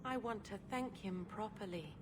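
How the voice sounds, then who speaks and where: A woman's voice: medium pitch, normal speed, natural voice. An actress voicing a dreamy, lovestruck young woman in a video game, with a theatrical romantic delivery. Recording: game audio with ambient noise.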